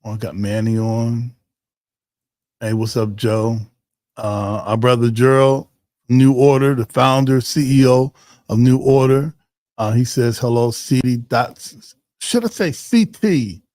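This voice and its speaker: A man talks through a community livestream in a loose, joking way, shouting out viewers in the chat and stumbling through fillers as he goes. His mid-range voice sits close to the mic with no room sound at all. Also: medium pitch, measured pace, no echo. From Ohio. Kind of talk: casual livestream chat, reading viewer comments.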